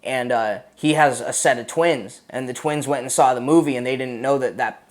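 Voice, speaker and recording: Male veteran guest, 30s, Massachusetts accent; relaxed, profane, rambling storyteller. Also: mid-range voice, moderate pace. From Massachusetts, USA. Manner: profane, rambling, laid-back, frequent "man" and "you know". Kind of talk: casual storytelling interview.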